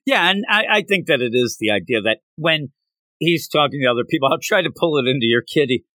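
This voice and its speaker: Animated man recapping a manga. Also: on the high side, fast talker, no echo. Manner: animated, acts out characters' lines in jumpy put-on voices. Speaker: podcast co-host. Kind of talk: casual chat recapping a manga chapter.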